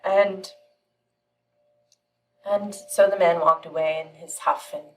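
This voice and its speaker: A woman giving a channeled spiritual teaching, telling a parable in a calm, measured way with frequent pauses. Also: lowish voice, recorded from a distance, a little hiss or hum, rough recording.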